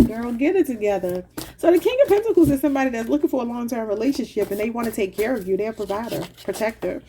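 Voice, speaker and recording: A woman's voice: a little high, lively intonation, fast, background noise. Giggly woman giving a casual tarot reading. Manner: chatty, laughs often at her own cards, addresses viewers as y'all. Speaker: tarot reader.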